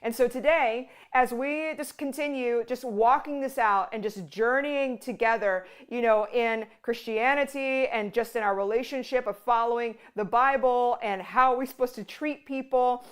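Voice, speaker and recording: A woman's voice: a little high, moderate pace, few pauses, clean tone. A woman hosting a ministry show, teaching in a casual, conversational way with many "like"s and restarts. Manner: conversational, full of "like" and restarts, acts out quotes. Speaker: ministry host.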